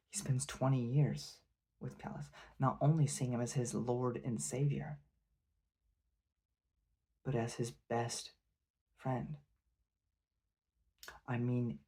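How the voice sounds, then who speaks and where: Slow, husky man reviewing a book. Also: mid-range voice, mellow. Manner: rambling, pausing, hesitant. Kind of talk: casual spoken review.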